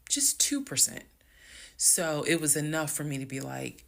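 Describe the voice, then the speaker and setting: A woman casually telling her own story to viewers, emphatic and at times fast and loud when she gets heated. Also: sits low, gravelly. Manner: addresses viewers as "y'all". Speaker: storyteller recounting her marriage.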